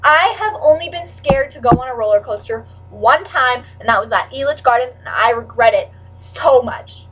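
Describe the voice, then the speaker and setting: A teenage girl chatting casually to camera in a rambling way, full of "like" and with sudden loud outbursts. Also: on the high side, lively intonation, normal speed, hardly any pauses, recorded from a distance, a little hiss or hum, rough recording. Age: teens. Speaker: vlogger.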